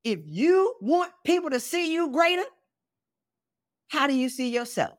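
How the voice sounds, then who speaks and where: A woman's voice: sits high, very animated, a little slow. A woman in her forties hosting a motivational podcast, fiery and blunt, piling up pointed questions and talking straight to the listener in slangy, direct speech. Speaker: podcast host.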